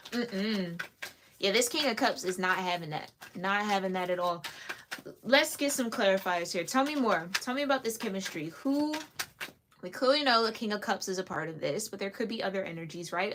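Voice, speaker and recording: A woman's voice: mid-range voice, normal speed, noisy background. Casting note: woman, solo tarot reader, casual and chatty, frequent giggles. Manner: chatty, giggly, lively asides. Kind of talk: casual tarot reading to camera.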